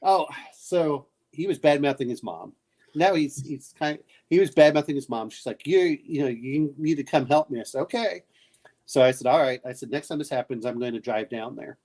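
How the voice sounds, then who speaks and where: This man's voice sits at a medium pitch, a bit mellow, at an ordinary pace. It's casual late-night talk: he rambles through family stories, acts out what people said, and keeps restarting his sentences.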